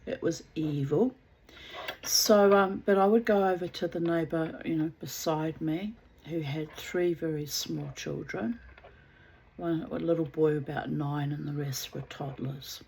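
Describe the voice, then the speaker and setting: A woman's voice: sits low, fairly even intonation, unhurried, gravelly, darkish tone, a little hiss or hum, rough recording. A woman telling a personal story in a blunt, casual way, swearing freely and laughing at herself.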